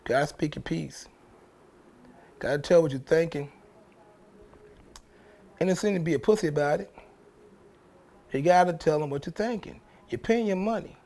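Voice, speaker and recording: Guy w going off to camera, cussing a lot, kinda higher voice, says things twice. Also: moderate pace, pauses often, darkish tone. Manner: blunt, profane street talk, repeats himself for emphasis. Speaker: show host. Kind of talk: casual monologue to camera.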